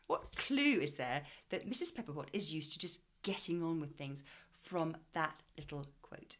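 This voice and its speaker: A woman reading tutor leading an expressive storybook reading lesson and asking comprehension questions. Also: low voice, moderate pace.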